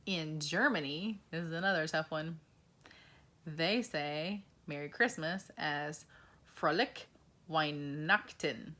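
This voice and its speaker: Gentle woman teaching young kids. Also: sits low. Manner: slow, encouraging, asks children questions. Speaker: preschool teacher. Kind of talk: children's lesson.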